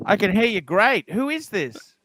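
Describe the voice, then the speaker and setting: A man hosting a casual livestream, teasing a caller with blunt, rapid-fire questions. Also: sits high, big pitch swings, a bit bright, rough recording. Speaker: livestream host. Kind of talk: casual live-stream chat.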